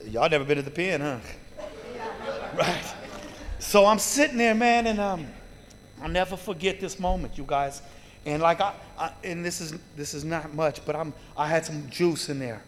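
A man's voice: a little high, normal speed, long reverb tail, slight background noise. A man telling a heartfelt personal recovery story to a live group, swearing freely and often turning to the crowd with "you guys". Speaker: recovery meeting speaker.

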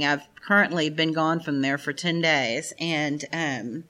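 At a recovery meeting, a woman in her fifties speaks to the room directly, sharing her personal story with frankness, plenty of laughter and lots of swearing. Her voice is deep, steady, bright and forceful, and she takes her time.

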